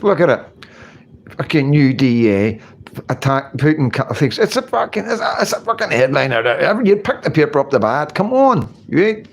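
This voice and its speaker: A middle-aged Northern Irish man with a medium-pitched voice hosts a casual livestream chat. He rambles, swears, and keeps asking "you know what I mean."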